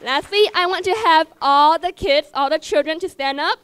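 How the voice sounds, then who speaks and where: High-voiced teenage girl giving a heartfelt speech. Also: fairly bright tone, a little hiss or hum. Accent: Vietnamese. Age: teens. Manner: heartfelt, halting, repeats herself. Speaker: student speaker. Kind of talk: emotional personal speech. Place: school event stage.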